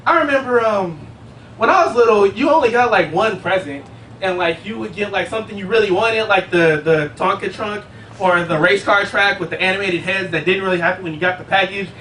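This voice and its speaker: A man's voice: sits high, brisk, bright, forceful tone. A young man performing a casual, profane stand-up comedy set, telling rambling stories on stage. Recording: roomy, distant, noisy live room. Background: audience laughter.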